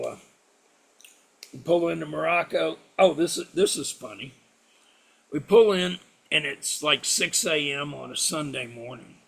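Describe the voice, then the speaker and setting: A middle-aged man with a gravelly, fry-edged voice, pitched a touch high for a man, spins salty sea stories. His tone is bright and forceful, and he swears freely as he talks. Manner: salty, profane yarn-spinner. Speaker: interview guest, former sailor. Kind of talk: casual storytelling.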